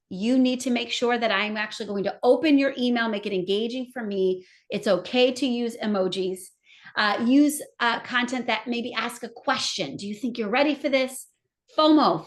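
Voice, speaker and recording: A middle-aged woman giving an enthusiastic seminar talk on marketing, speaking straight to her audience. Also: fairly high pitch. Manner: enthusiastic, animated, addresses audience directly. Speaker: marketing trainer. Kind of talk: live seminar presentation.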